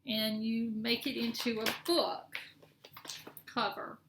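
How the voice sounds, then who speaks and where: Speaking slowly and flatly in a somewhat high voice, a middle-aged woman chats through a cross-stitch vlog. She wanders off topic and corrects herself as she presents her projects in casual show-and-tell style, recorded in an echoey room with a little noise.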